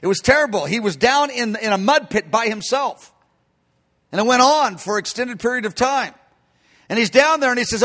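A man's voice: extremely high pitch, animated, moderate pace, bright, forceful tone. A man preaching a sermon in an emphatic way, calling his listeners "beloved.".

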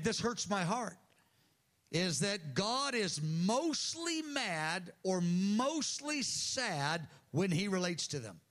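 Older guy preaching, high voice, earnest and emphatic, acts out little prayers. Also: fairly bright tone. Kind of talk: sermon. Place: church hall with audience.

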